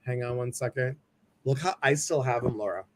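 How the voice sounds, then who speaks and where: A man hosting a casual chat, telling stories in an animated way and acting out the people in them. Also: mid-range voice, brisk. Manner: animated storytelling, acts out voices. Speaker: host.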